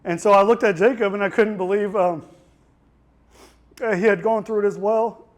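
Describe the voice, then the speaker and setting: A man's voice: high voice, fairly even intonation, moderate pace. A young man giving a keynote speech, telling a personal story in a raw, emotional way with frequent restarts. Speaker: keynote speaker. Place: conference hall.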